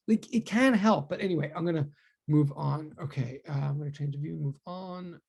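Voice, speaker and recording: Husky-voiced woman teaching physics online, rambly and chatty, making fun of herself a lot. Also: fairly low pitch, fairly quick, warm tone. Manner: chatty, self-deprecating, rambling asides. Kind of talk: online lecture.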